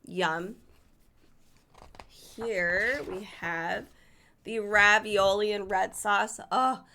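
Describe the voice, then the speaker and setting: A woman's voice: mid-range voice, fairly even intonation, drawn-out words, pushed and bright. A woman casually paging through a cookbook, chatty and enthusiastic, stumbling over foreign dish names. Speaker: cookbook reviewer. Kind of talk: casual book flip-through.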